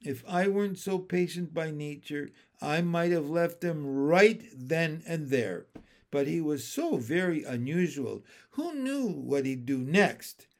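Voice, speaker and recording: Brief: man narrating a children's book, slow pace, raised, lively pitch. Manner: slow, expressive storytelling. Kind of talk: storybook read-aloud.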